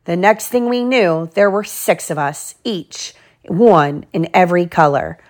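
A mother reading a children's picture book aloud at home, slow and clear, with little side remarks to her kids. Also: fairly low pitch, a little mellow.

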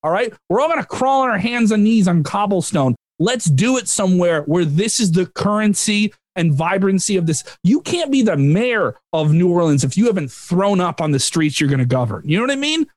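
A man argues a comic case with rambling, emphatic energy. His pitch swings widely as he pushes each point. The sound is dry and close. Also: very animated, a little fast, hardly any pauses, dry recording. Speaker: comedy panelist. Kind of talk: comedic debate argument.

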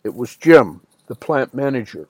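A man tells a first-person story as an audiobook narrator, his voice sitting in an ordinary middle register. He reads in a plain, unhurried way and lifts his voice slightly when quoting dialogue. The recording is close and dry, with no room sound. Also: medium pitch, sing-song, darkish tone, no echo.

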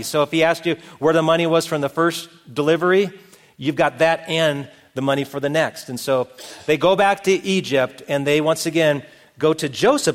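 A middle-aged male pastor tells a story from the pulpit, slipping into the characters' voices as he goes. His voice sits a bit higher than most men's. It carries a long echo from a church hall. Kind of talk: sermon.

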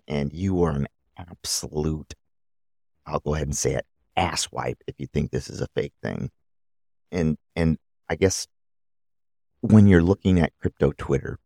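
Super deep voiced guy rambling on his podcast, lots of fry, opinionated. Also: mellow, no echo, clean studio sound. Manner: opinionated, rambling, restarts often. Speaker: podcast host. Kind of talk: solo podcast monologue.

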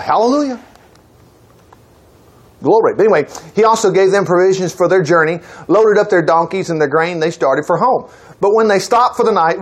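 A male preacher, reading scripture and retelling the story in an animated, conversational way, slipping into the characters' voices. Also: sits high. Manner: animated storytelling, voicing characters in quotes, repeating words. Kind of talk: sermon reading and explaining scripture.

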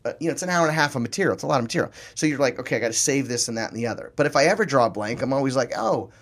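Animated comedian telling stories in voices. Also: male voice, medium pitch, rapid-fire. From New Orleans, US. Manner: animated storyteller who slips into voices and accents. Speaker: comedian guest. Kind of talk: casual interview chat.

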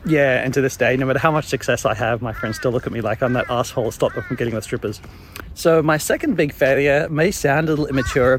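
A young man telling his own embarrassing stories in a casual, animated way, chuckling along as he goes. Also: mid-range voice, a little hiss or hum. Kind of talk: casual storytelling monologue.

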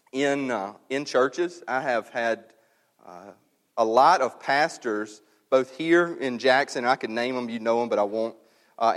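A pastor speaks to his church in a candid, conversational way, full of fillers and asides. His voice carries a long reverb from a large hall. He slows down when he reads a passage aloud. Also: mid-range voice. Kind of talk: sermon announcement, conversational.

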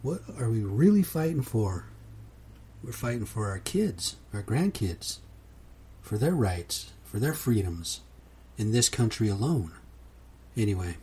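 Laid-back man with a dark husky voice. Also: on the low side. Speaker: podcast host. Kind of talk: casual solo podcast monologue.

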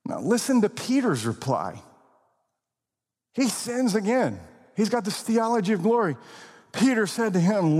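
A male pastor preaching with a husky, slightly high voice that rises and falls a great deal. He speaks slowly and deliberately, stressing key words. His voice rings out with the long reverb of a large hall. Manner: expressive preaching, slow deliberate emphasis, occasional laughs. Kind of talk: sermon.

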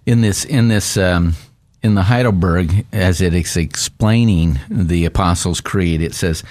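Low-voiced man discussing theology. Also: measured pace, darkish tone, no echo. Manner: reads confession text aloud, laughs easily. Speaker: pastor.

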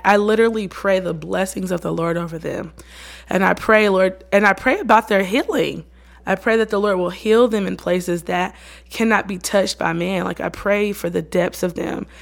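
A woman hosting a casual faith podcast, talking in an earnest, conversational way with lots of slang and lively bursts. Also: mid-range voice, moderate pace, vocal fry. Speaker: podcast host and worship leader.

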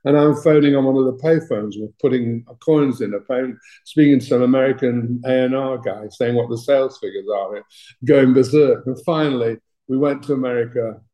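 A man's voice: mid-range voice, normal speed, mellow, low-quality recording. An older man with an English accent, a music manager telling blunt, colourful stories in an interview. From England. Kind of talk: interview anecdotes.

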